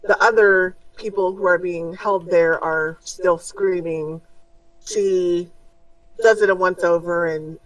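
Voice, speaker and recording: A woman narrating a tabletop game as game master, unhurried and descriptive, with frequent fillers. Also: on the low side, fairly even intonation, dry recording. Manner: unhurried, many ums, descriptive. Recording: distant mic, dry room.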